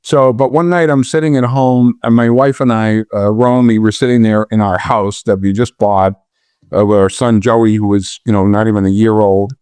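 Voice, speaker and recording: A man's voice: lowish voice, normal speed, smooth, dry recording. Middle-aged male guest, conversational storyteller, plays out the dialogue himself, dry studio sound. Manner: animated storyteller, acts out dialogue with a raised voice, many restarts. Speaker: podcast guest, real estate investor. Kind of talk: storytelling in a podcast interview.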